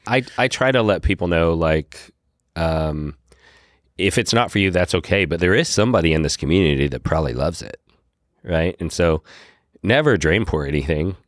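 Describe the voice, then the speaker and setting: A man, a podcast guest, telling a story in a casual, animated way and acting out his own lines. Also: sits low, normal speed, no room sound, studio quality. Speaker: podcast guest, whiskey brand founder.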